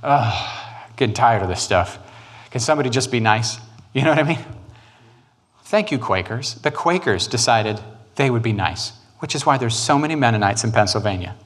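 A man, preaching a sermon on church history in an animated, joking way. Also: medium pitch. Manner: animated, joking, quick asides and put-on quotes. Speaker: pastor.

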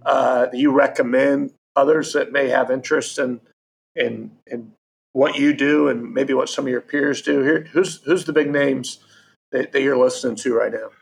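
A man's voice: mid-range voice, fairly even intonation, normal speed, gravelly, slightly rough. A man hosting a podcast interview, talking earnestly and casually and asking his guest questions. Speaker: podcast host.

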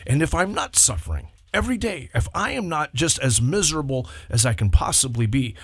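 Animated storytelling male pastor, dry sound. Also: mid-range voice, moderate pace, hardly any pauses, husky, dry recording. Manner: animated storyteller, acts out quoted people. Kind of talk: casual chat on a church talk show.

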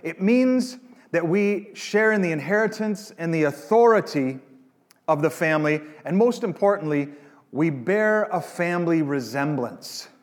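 A man preaching in a church, his voice sitting a little high and trailing off into a long hall reverb. He keeps it conversational, with jokey asides to the congregation. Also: expressive, unhurried. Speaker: pastor. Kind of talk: sermon.

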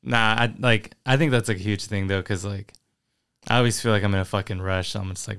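A man's voice: fairly low pitch, steady tone, fairly bright tone, clean tone. A young man co-hosting a podcast, rambling with lots of likes and swearing in casual chat. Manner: fast, rambling, full of filler likes and swearing. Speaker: podcast co-host.

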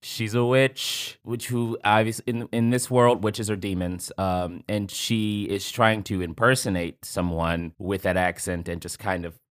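A man's voice: deep voice, steady tone, measured pace, few pauses, a bit bright, smooth. A man hosting a podcast, casually discussing a film and steering the talk.

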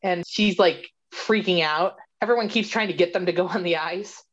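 Lower-pitched woman, chatty podcast retelling. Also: moderate pace, dull audio. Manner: animated retelling with laughter and quoted dialogue. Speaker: podcast co-host. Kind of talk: casual chat recapping a movie.

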